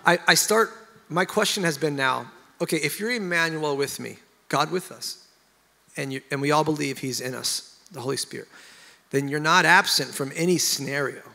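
A man, a pastor, sharing his testimony in an animated, emotional way and getting loud at the high points. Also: normal speed, gravelly, in a large hall. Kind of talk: candid conversational testimony.

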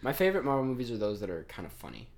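A man's voice: medium pitch, huge pitch swings, rapid-fire, gravelly. A young man hosting a podcast, chatting in a playful, casual way and laughing easily. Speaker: podcast host. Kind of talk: casual chat.

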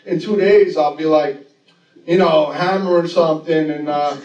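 A man's voice: on the high side, steady tone, moderate pace, darkish tone, lo-fi sound. A man telling a rambling, profane, self-mocking story to a live audience. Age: adult. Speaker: storyteller on stage. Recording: roomy live venue, distant mic, audience laughter. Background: audience laughter.

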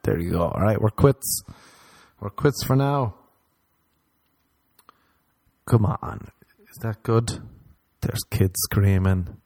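A young Irish man rambling sardonically in a casual comedic monologue, jumping up in pitch when he acts out other people. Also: animated, slow, gravelly, a little mellow, dry recording. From Ireland.

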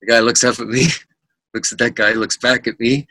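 A middle-aged man, a musician guest, telling lively anecdotes in casual chat and acting out the voices of people in them. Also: mid-range voice, normal speed, no echo. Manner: animated anecdotes with quoted voices.

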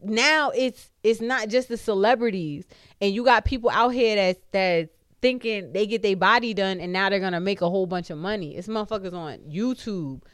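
A woman's voice: medium pitch, normal speed, clean tone, no echo, studio quality. A woman hosting a podcast in casual chat, ranting bluntly and emphatically with heavy swearing. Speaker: podcast host.

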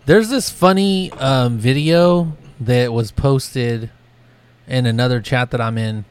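A man's voice: mid-range voice, slow, smooth. A man co-hosting a casual podcast, cracking crude jokes and laughing a lot. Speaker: podcast co-host. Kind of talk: casual banter.

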